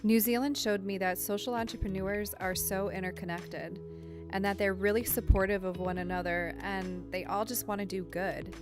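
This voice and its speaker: Brief: woman narrator, upbeat and reflective, music clearly behind. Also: medium pitch, fairly even intonation, moderate pace. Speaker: teacher and documentary narrator. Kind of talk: scripted narration.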